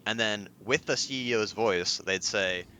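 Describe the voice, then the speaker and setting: Young male guest, low pitch with a faint background hiss, eager and chatty explainer. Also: unhurried, sharp tone. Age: young adult. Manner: explains eagerly, many fillers like "like". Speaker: podcast guest. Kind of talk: casual podcast chat.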